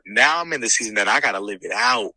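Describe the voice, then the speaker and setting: A young man from California shares his faith journey in an earnest, animated voice that slips into preacher-like emphasis. His tone is bright and forceful, and the recording is dry and close. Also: on the low side, fast talker, husky, no echo, rough recording. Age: young adult. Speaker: guest, host's son. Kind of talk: casual faith conversation.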